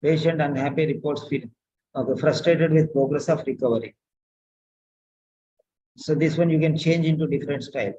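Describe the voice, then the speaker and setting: A man tutoring nursing students, correcting a written letter aloud, slow and repetitive, often asking pointed questions. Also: fairly high pitch, dark tone, highs cut off.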